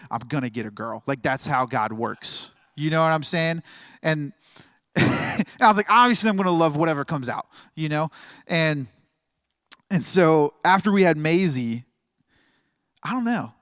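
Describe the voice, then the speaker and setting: A male pastor in his thirties delivers a loose, chatty sermon full of jokes, tangents and laughter. His voice sits a touch high for a man. The sound is dry and close, with no room around it. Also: expressive, moderate pace, fairly bright tone, no echo. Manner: chatty, joking, laughs often, rambling.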